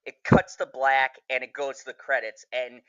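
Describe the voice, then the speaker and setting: A man with a bright, forceful voice rambles through a TV recap, swearing freely and getting worked up. The sound is dry and slightly dull, like a lo-fi home recording. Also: medium pitch, normal speed, smooth, no room sound. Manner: profane, excitable, rambling. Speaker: TV reviewer. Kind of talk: casual recap review.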